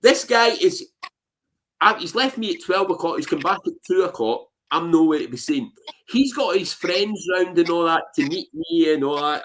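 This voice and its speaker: A Scottish man telling anecdotes in a casual interview, animated and full of "you know what I mean" fillers. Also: a little high, a little hiss or hum. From Scotland. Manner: animated, acts out voices in his anecdotes. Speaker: interview guest.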